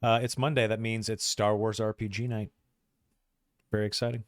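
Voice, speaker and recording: A man's voice: lowish voice, level tone, normal speed, smooth, dry recording, clean studio sound. A man running a tabletop game on a stream, chatting playfully and teasing his players. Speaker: game master. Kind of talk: casual stream chat.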